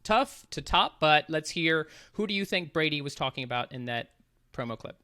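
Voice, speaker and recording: A man's voice: a little high, expressive, normal speed, sharp tone, no room sound, clean studio sound. A man hosting a casual sports podcast, who argues his picks with enthusiasm and laughs along. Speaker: podcast host.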